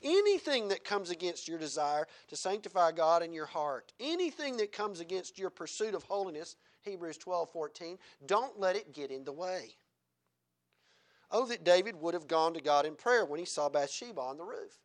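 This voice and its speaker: High-voiced man preaching a sermon. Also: very animated, normal speed. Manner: swings between loud exhortation and quiet chuckling asides.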